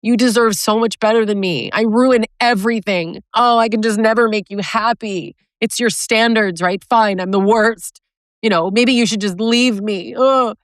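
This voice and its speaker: A man's voice: high-pitched, moderate pace, fairly bright tone, dry recording, clean studio sound, pitched above the performer's own voice. Manipulative self-pitying man voiced by a woman, whiny and over the top. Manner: whiny, melodramatic, sighing.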